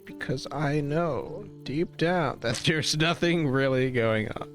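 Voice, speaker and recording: A man's voice: on the high side, slow, faint music behind. A man streaming a video game and commenting as he plays, rambling and swearing casually to fill dead air. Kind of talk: gameplay commentary.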